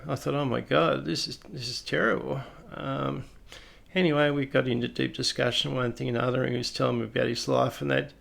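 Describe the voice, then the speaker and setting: A man's voice: mid-range voice, steady tone, brisk, vocal fry, fairly bright tone. An Australian man who is a police officer, telling a personal story in a plain-spoken, reflective, conversational way.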